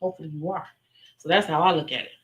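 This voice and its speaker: A woman's voice: low-pitched, rapid-fire, low-quality recording. A young adult woman hosting a live question-and-answer stream, talking casually and candidly and acting out other voices when she retells stories. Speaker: livestream host answering viewer questions.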